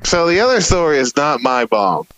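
A man, a comedian, telling stories on a podcast, laughing often and breaking into loud, silly shouts when he acts out his anecdotes. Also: on the high side, sing-song, moderate pace, smooth, no echo, low-quality recording. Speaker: comedian guest. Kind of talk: casual podcast storytelling.

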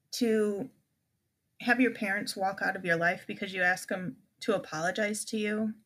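A middle-aged woman with a gravelly, creaky edge to her voice tells a painful personal story as a podcast guest. She speaks with raw emotion, breaking off into restarts and acting out what others said to her. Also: fairly low pitch, a bit bright.

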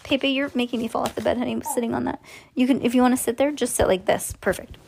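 A woman's voice: on the high side, steady tone, fast, vocal fry, darkish tone, slight background noise. A woman reading a children's book aloud at home, playful and chatty, with asides between passages. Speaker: storybook reader. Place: home, on a bed.

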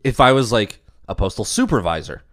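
A man co-hosting a podcast in relaxed casual chat, laughing often and swearing now and then. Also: fairly low pitch, brisk, no room sound, studio quality. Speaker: podcast co-host.

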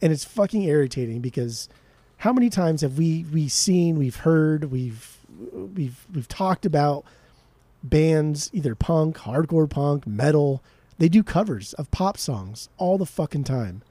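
A man's voice: on the high side, lively intonation, measured pace, warm tone, no room sound. A man co-hosting a music podcast, ranting heatedly and swearing a lot in casual chat. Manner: heated, profane, emphatic ranting. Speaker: podcast co-host.

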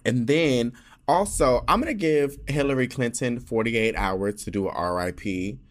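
A man's voice: mid-range voice, normal speed. Chatty man hosting a solo podcast. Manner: chatty, rambling with fillers, laughs often. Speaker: podcast host.

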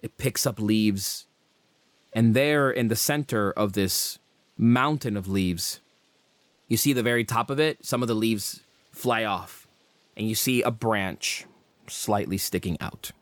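Slow-narrating male game master. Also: fairly low pitch, dry recording. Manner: descriptive, unhurried narration with casual fillers.

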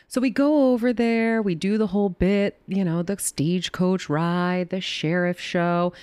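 A woman's voice: fairly low pitch, darkish tone, clean tone, no echo. A woman, a guest, telling a chatty story on a podcast and laughing along the way. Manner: chatty, laughs through her stories. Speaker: guest, a co-host's wife.

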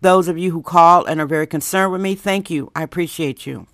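Woman, middle-aged, podcast host, blunt emphatic rant, smooth resonant voice, dry close sound. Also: on the low side, fairly bright tone, no room sound. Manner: blunt, emphatic, drawn-out delivery. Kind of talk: ranting opinion podcast.

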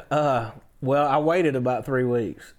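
A man's voice: mid-range voice, slow. A middle-aged man, a songwriter telling stories in a casual interview and acting out the people he quotes. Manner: animated, acts out quotes in other voices. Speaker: guest songwriter.

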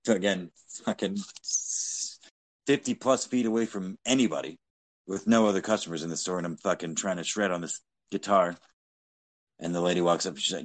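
A man's voice: low-pitched, fairly quick. A man co-hosting a podcast, telling casual anecdotes in a blunt, profanity-heavy way. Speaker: podcast co-host. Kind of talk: casual storytelling chat.

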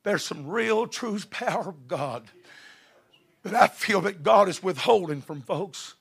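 A middle-aged man preaching a sermon with fervor, building to shouted passages. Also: high voice, expressive, unhurried, vocal fry, slightly rough.

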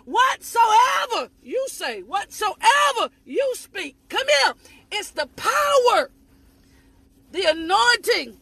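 A woman preaching a fervent sermon, shouting, repeating phrases, letting out sudden high whoops, and talking straight to her listeners. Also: very animated, very slow, no room sound. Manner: addresses listeners directly and asks them to repeat after her.

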